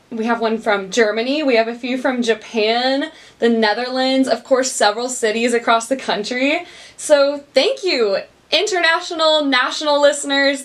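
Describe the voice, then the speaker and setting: A young woman hosting her own podcast, upbeat and bubbly, laughing often and talking straight to her listeners. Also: high voice. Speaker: podcast host. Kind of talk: casual solo podcast chat. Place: small recording studio.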